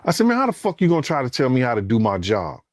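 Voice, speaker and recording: Talking very fast in a mid-range voice, a man spins an animated, profanity-laced story, acting out quoted dialogue and building to shouts as it gets tense. The recording is dry and studio quality.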